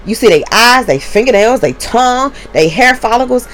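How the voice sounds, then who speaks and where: A woman, a stay-at-home mother hosting her podcast from home in a blunt, profane, emphatic monologue that jumps up in pitch when she gets heated. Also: lively intonation, moderate pace, fairly bright tone. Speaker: podcast host. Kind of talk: candid monologue. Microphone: podcast mic.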